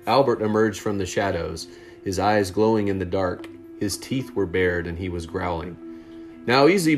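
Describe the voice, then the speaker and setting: Low-voiced man reading a story. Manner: steady, measured reading. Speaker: narrator. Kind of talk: storytelling read-aloud.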